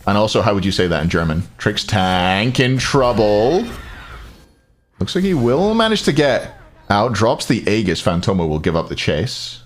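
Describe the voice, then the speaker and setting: A man's voice: fairly low pitch, big pitch swings, normal speed. A Scottish man casting a live esports match, joking and chatting with viewers between plays. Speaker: esports caster.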